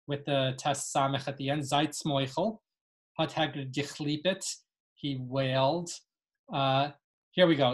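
A woman's voice: deep voice, fairly even intonation, a little slow. A woman teaching an online lesson on Yiddish dialects, reading passages aloud and translating them. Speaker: webinar teacher. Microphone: video call.

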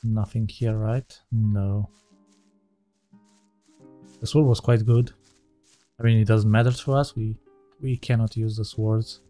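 A man's voice: lowish voice, level tone, takes it slowly, pauses often, mellow, faint music behind. A man giving casual let's-play commentary as he plays, thinking aloud and often correcting himself mid-sentence. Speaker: gaming channel host.

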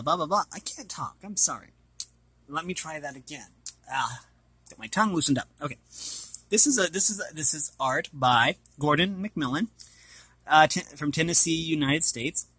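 A man's voice: on the high side, a bit bright, slightly rough, no room sound. A man casually reading an art book aloud and commenting, hesitant and apologetic as he stumbles over names.

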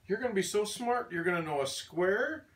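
An older man reads a picture book aloud to his baby grandson at home. His sing-song delivery swoops widely in pitch and he throws in playful animal noises. He sounds a little distant from the mic. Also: expressive, moderate pace.

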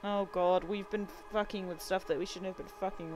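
A young woman casually commenting as she plays a horror game, sweary and quick to react. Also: medium pitch, fairly even intonation, over music, poor audio. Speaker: let's play host.

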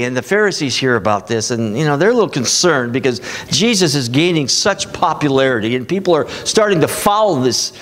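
A man's voice: medium pitch, very animated, a little fast, few pauses, fairly bright tone. A man preaching a sermon as pastor, talking in a conversational way and acting out the voices of people he quotes.

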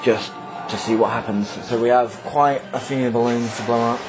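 A young man, a student, talking through a casual video diary in a relaxed, halting way, with a chuckle now and then. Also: medium pitch, over music, rough recording. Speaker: student vlogger. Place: student hall room.

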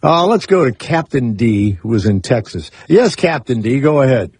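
A man's voice: mid-range voice, very animated, moderate pace, darkish tone, husky, no echo. A man hosting a talk radio show, telling stories in a brash, casual way and swearing freely. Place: radio studio.

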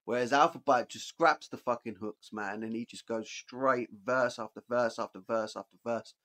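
A man hosting a music reaction video, giving casual and excited commentary, swearing freely and stopping to point out moments he likes. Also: mid-range voice, moderate pace.

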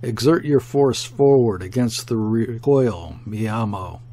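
A man's voice: lowish voice, measured pace, warm tone. A man voicing an old gunner whose voice is cracked and shaky with emotion. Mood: coaxing, anxious.

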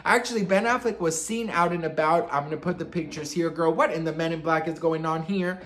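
A man with a fairly high, fairly bright voice talks briskly in a casual celebrity gossip vlog. Sassy and dramatic, he swears often and rambles through his story, losing his train of thought.

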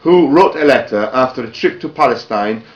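A man from Italy, a journalist giving a spoken history lecture in a halting, hesitant way and stressing key words. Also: medium pitch, lively intonation, highs cut off. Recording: roomy echo.

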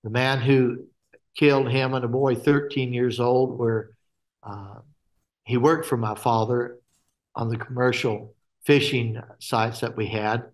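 Halting man telling his faith testimony. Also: mid-range voice, fairly even intonation. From Alaska. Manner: halting, many fillers and restarts. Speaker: guest.

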